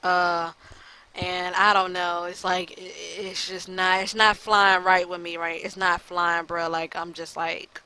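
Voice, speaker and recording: Upset woman venting on her channel, low-ish voice but sharp and punchy, swears a lot, tons of likes and ums. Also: level tone, a little slow, smooth, rough recording. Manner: frustrated, blunt and profane, with many fillers. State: upset and fed up. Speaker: gaming YouTuber. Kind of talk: casual rant to the camera.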